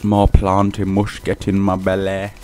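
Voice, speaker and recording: Young male let's-player, unhurried delivery, low voice, teasing asides to enemies, faint music underneath. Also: monotone, warm tone. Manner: playful, talks to game enemies in a teasing voice. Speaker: gaming channel host. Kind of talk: casual let's play commentary.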